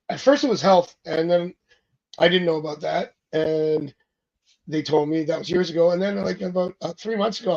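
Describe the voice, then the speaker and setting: Chatty male guest, high gravelly voice, rambling and acting out quoted lines. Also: darkish tone, dull audio. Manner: rambling, acts out quoted dialogue. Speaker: psychic tarot reader, guest. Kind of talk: casual interview chat.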